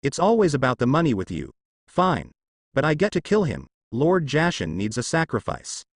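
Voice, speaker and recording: A man voicing a bloodthirsty zealot who sneers through every line. The read is lively in pitch and dry. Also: normal speed, dry recording. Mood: sneering. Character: sadistic bloodthirsty male zealot.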